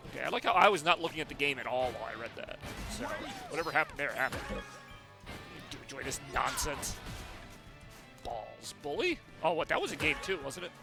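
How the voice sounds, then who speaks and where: A man's voice: a little high, very animated, a little fast, gravelly, music in the background. A man streaming a game live, chatting casually with viewers, rambling and laughing often.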